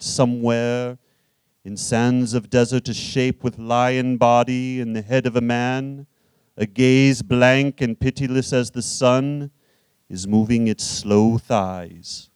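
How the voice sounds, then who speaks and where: A man's voice: mid-range voice, a little mellow, clear, resonant tone, dry recording, close to an everyday voice. A man playing a jovial, boastful old Irish poet with an Irish accent, on a live comedy stage, swinging between cheeky bragging and ponderous recitation. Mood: ponderous, solemn. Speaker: guest. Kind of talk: live comedic character performance.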